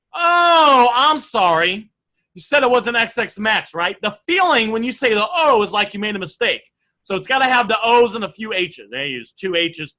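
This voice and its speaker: Bright, high-voiced male sales coach. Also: poor audio. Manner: energetic, coaching, reads out message lines. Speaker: coach teaching a training group. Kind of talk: live online training session.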